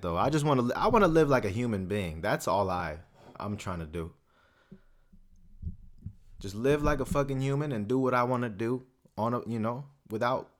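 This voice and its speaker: Profane, rambling male podcast host. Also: medium pitch. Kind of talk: casual solo podcast rant.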